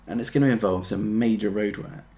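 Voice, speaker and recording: A man preaching a sermon, earnest, building to emphatic peaks and then dropping soft. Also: on the low side, brisk.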